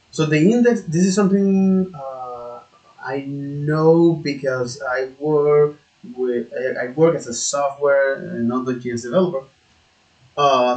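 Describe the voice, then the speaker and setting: Slow, halting man in an echoey room. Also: medium pitch, darkish tone. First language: not English. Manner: halting, repeats words, swears in frustration. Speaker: self-taught learner. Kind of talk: thinking aloud while studying.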